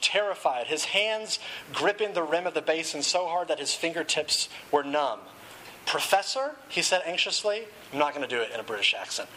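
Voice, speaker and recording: A man preaching a sermon in a quick, casual way, asking rhetorical questions and joking aside, then reading a story aloud. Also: on the high side, bright, forceful tone, a little hiss or hum, rough recording. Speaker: pastor.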